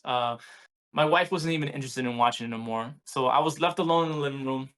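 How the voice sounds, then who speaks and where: A man in his forties, co-hosting a podcast, telling a story in a casual, animated way with many restarts. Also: mid-range voice, fast talker. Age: 40s. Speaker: podcast co-host. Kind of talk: casual chat.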